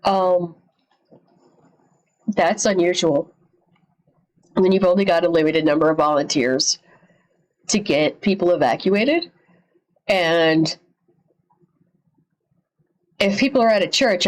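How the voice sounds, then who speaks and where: A woman's voice: lowish voice, slow, long pauses, rough recording. Chatty, foul-mouthed woman streamer. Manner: chatty, swears freely, sarcastic asides. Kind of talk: casual live-stream reaction. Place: home streaming setup with green screen.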